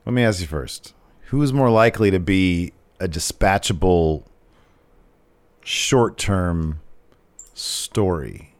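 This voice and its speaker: A man co-hosting a podcast, recapping wrestling in casual chat and acting out quotes in lively voices. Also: low voice, takes it slowly, pauses often. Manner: acts out quotes in animated voices. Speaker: podcast co-host.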